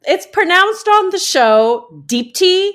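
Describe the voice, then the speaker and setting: A woman in her forties co-hosting a podcast, telling stories in a casual chat, animated and laughing at herself. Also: very high voice, takes it slowly. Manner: animated, laughing, self-mocking storyteller. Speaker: podcast co-host.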